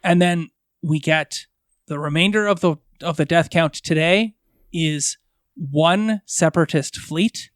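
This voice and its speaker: A man's voice: a little high, a little slow, no echo, studio quality. A man co-hosting a casual fan podcast, carefully tallying figures and explaining them at length. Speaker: podcast co-host.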